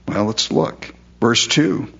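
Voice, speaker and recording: A man's voice: mid-range voice, lively intonation, takes it slowly, vocal fry, fairly bright tone, lo-fi sound. A man preaching a verse-by-verse sermon in a conversational way, often asking rhetorical questions. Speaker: pastor. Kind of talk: expository sermon.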